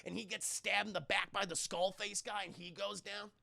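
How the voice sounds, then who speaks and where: A young man recapping a horror film scene by scene for his live chat, swearing freely and loudly acting out the characters' lines. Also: high voice, moderate pace, vocal fry, dry recording. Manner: profane, excitable, acts out quotes in loud voices. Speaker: streamer reviewing a film.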